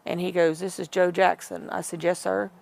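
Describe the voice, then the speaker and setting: Gravelly low-voiced middle-aged woman. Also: level tone, moderate pace. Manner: rambling, self-correcting, retells conversations. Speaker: interviewee. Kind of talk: personal storytelling in an interview.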